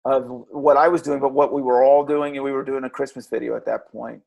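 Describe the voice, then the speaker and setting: A man reflecting earnestly as an interview guest, with a gravelly voice and frequent halting restarts. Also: medium pitch, steady tone, darkish tone. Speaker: interview guest, former children's character performer. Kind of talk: reflective storytelling.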